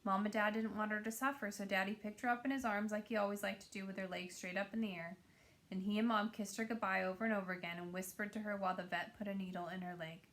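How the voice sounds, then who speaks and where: A woman's voice: mid-range voice, steady tone, fast talker, fairly bright tone. A woman reading a novel aloud. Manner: plain, earnest reading with small slips and restarts. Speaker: reader.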